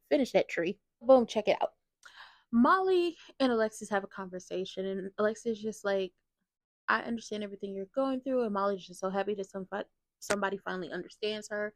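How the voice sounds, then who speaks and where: Sassy, animated woman recapping a soap. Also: on the high side, no room sound. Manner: sassy, animated, slangy storytelling; acts out characters' lines in quotes. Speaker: soap opera recap host. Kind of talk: casual commentary recap.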